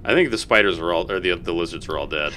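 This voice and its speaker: A man's voice: low voice, fast, slight background noise. A man streaming a co-op video game, chatting casually, swearing and yelping when surprised. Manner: excitable, swears, yelps in surprise. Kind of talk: casual gaming chat.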